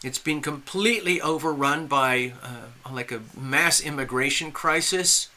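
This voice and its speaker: A man's voice: medium pitch, unhurried, sharp tone. A man hosting a live tarot stream, talking in a rambling, opinionated way and reading out chat messages. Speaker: livestream tarot reader. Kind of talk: casual live-stream monologue.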